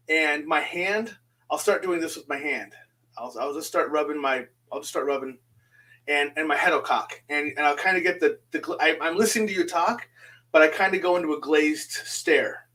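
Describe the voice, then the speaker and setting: A man with a somewhat high voice talks as a guest in a casual chat, telling his stories in a loose, relaxed way. He breaks in often with quick words of agreement.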